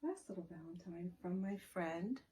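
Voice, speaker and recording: A woman librarian with a lowish voice and moderate pace does story time for little ones, reading and rhyming in a bright sing-song tone and asking them questions. The background is noisy.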